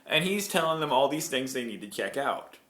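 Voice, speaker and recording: A man telling a true story on his vlog in an animated, digressive way. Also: mid-range voice, brisk. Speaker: vlogger. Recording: roomy echo.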